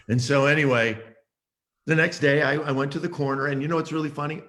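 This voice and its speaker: A man's voice: medium pitch, fairly quick, a bit bright. A man in his sixties, a guest saxophonist, telling stories in an interview and acting out the voices in them. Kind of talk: storytelling in an interview.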